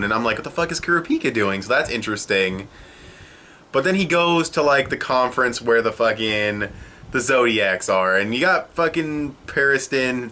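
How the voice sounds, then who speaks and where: Young male reviewer, bright forceful voice, casual and profane, home setup. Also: mid-range voice, a little hiss or hum. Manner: excitable and profane, swears often. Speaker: anime reviewer. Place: home room.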